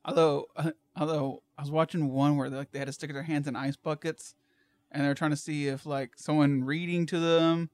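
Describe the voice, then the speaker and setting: A man's voice: fairly high pitch, flat delivery, normal speed, dry recording. A man in casual chat, rambling through a story with lots of fillers and restarts. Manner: rambling, hesitant, many fillers.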